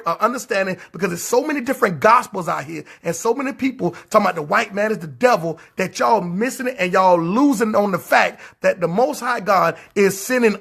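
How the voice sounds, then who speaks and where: A man delivers a livestreamed sermon in a high, raspy voice. He scolds and repeats himself with fiery insistence and leans on key words by drawing them out. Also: a bit bright. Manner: fiery, repetitive, scolding, drawn-out emphasis. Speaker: preacher.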